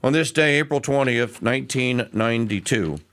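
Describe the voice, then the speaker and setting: A middle-aged male talk radio host, recalling old times in a loose, casual monologue. He talks in a mid-range voice, backs up and restarts often, and fills pauses with "uh" and "um". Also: mid-range voice, animated, fairly bright tone. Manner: rambling, with many fillers and restarts.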